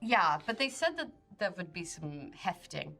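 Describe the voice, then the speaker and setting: Bright, animated woman player. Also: on the low side, moderate pace, soft background music. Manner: animated and giggly. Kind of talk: casual tabletop game chat.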